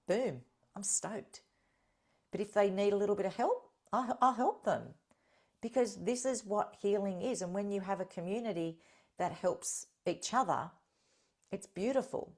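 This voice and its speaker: A woman talks straight to her listeners in a solo podcast monologue, earnest and direct with an encouraging pull. Her voice sits a little low for a woman. She keeps checking in with a quick "okay?" as she goes. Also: darkish tone. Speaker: podcast host and healing coach.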